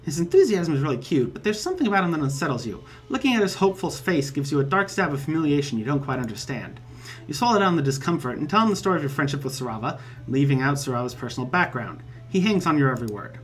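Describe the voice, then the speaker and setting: A man's voice: fairly high pitch, big pitch swings, fast talker. A man hosting a let's play, reading a visual novel aloud and adding wry, joking asides.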